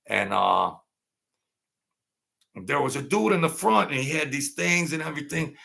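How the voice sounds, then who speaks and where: Gravelly, bright male storyteller, blunt and streetwise, rambles and repeats. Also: a little high, very animated, moderate pace. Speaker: storyteller recounting mob-era experiences.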